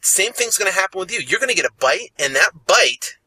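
Podcast host, male, lively and insistent, bright husky voice, dry close mic. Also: sits high, a little fast, no echo, low-quality recording. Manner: animated and emphatic, repeating phrases for effect. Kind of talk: motivational podcast monologue.

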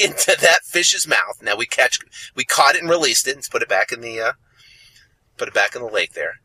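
A man's voice: sits high, pushed and bright, breathy edge, dry recording, rough recording. A man hosting a motivational podcast, talking emphatically and repeating phrases for effect. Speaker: podcast host.

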